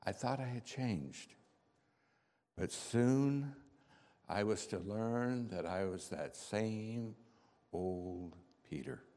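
A man portraying the impulsive, earnest apostle Peter speaks low and very slowly, leaving long pauses. He narrates his story with deep feeling in the first person, sometimes breaking into shouts, and the recording carries a long hall reverb.

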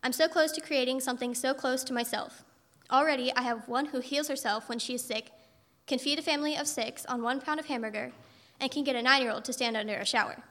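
A woman's voice: high-pitched, steady tone, quick pace, fairly bright tone, big-room sound. A woman voicing God as a patient, tireless male creator in a story she reads aloud, told in an earnest, fond way.

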